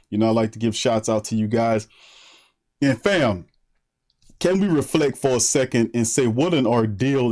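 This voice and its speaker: A sports podcast host runs a livestream, greeting viewers by name in loose, slangy chat and laughing often. His voice is medium-pitched and a little mellow.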